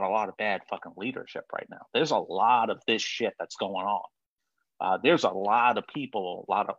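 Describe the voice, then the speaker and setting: A man with a somewhat low voice hosts a casual podcast chat. He is blunt and swears without a second thought. His voice sounds close and dry, with slightly dull sound. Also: slightly rough, no echo. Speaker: podcast host.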